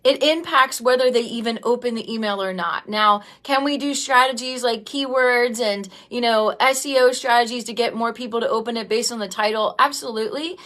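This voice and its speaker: A woman's voice: a little high, a little fast, few pauses, fairly bright tone. A woman in her thirties hosting a livestream, talking casually and with feeling, filling her speech with "um" and "like" while tearful and greeting viewers by name. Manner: rambling, heartfelt, many "um" and "like" fillers. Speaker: livestream host and business coach.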